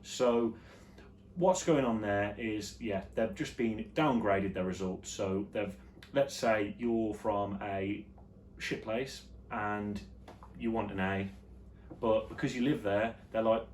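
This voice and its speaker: A man hosting his own vlog show, chatting casually and jokily about the news, his voice jumping between loud and quiet. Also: lowish voice, slow pace, a little hiss or hum. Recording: echoey room with faint ambience.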